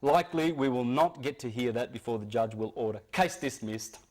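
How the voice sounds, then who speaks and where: A man's voice: medium pitch, a little fast, darkish tone. A man giving a lecture to an audience, speaking emphatically and insistently, often restarting his sentences.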